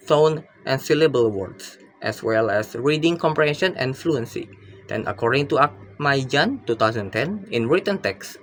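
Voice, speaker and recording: A man, reading a class project aloud in a halting way, with frequent fillers, restarts and self-corrections. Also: medium pitch, a bit bright. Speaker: student presenting a linguistics project. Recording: faint background noise.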